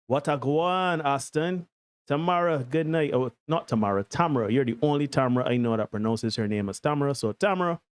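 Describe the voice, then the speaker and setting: A man hosting a podcast in casual live-stream chat, energetic and full of repeated greetings and shout-outs. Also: medium pitch, smooth, dry recording. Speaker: podcast host.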